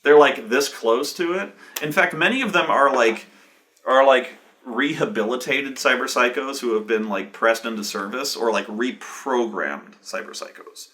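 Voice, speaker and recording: A man casually recounting a tabletop game session, profane and animated, with many "like" fillers. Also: medium pitch, normal speed. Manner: profane, animated, fills speech with "like". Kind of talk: casual anecdote.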